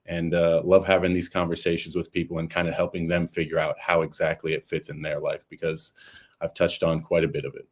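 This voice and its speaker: A man working as an insurance coach, telling his own story in a casual chat in a steady, earnest way. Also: sits low, a little fast.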